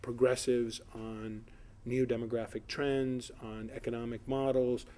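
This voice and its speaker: Middle-aged guy from south florida, dark mellow voice, lots of uh and um. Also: medium pitch, flat delivery, measured pace. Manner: rambling, many fillers and restarts. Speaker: political candidate. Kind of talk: editorial board interview.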